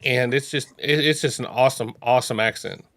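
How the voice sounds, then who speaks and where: A man's voice: medium pitch, a little fast, fairly bright tone. A man hosting a casual chat show, talking in a rambling way with many restarts. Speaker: podcast host. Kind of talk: casual chat reacting to court videos.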